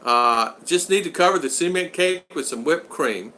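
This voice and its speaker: A man runs a casual live stream, reading comments aloud and greeting each viewer by name. His voice is bright and forceful, and a faint ambience sits behind it. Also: fairly high pitch, lively intonation, normal speed, slight background noise. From United States. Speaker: vlogger hosting a live stream. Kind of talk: casual live-chat talk.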